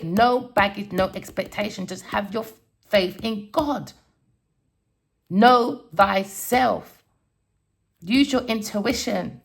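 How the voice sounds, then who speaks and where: A woman's voice: medium pitch, takes it slowly, vocal fry, pauses often. A woman who reads tarot, telling of a dream and preaching warnings in a spiritual vlog, swearing and raising her voice. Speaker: tarot reader.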